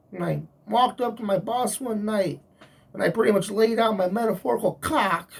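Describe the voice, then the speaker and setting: Husky man ranting in a vlog. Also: high-pitched, normal speed, far from the mic. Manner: angry, profane venting. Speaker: security guard. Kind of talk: vlog rant.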